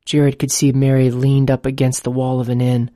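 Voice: medium pitch, completely flat delivery, moderate pace, warm tone, no echo, studio quality. Earnest storybook narrator.

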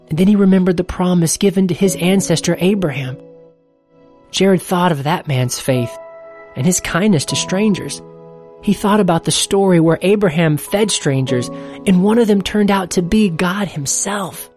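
A narrator reading a story aloud in a steady, earnest manner over faint music. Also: medium pitch, measured pace.

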